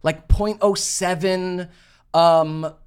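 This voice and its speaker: A man co-hosting a podcast, chatting casually, explaining things in a relaxed way and swearing freely. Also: high-pitched, very slow, smooth. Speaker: podcast co-host. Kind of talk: casual chat.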